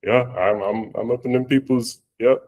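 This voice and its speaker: A man hosting a podcast in casual interview, relaxed and unhurried. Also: mid-range voice, rough recording. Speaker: podcast host.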